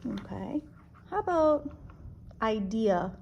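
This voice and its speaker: A woman teaching a one-on-one phonics lesson, patient, slow and clear, stretching out sounds. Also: on the high side, big pitch swings, darkish tone, dull audio. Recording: echoey room, distant mic, background noise.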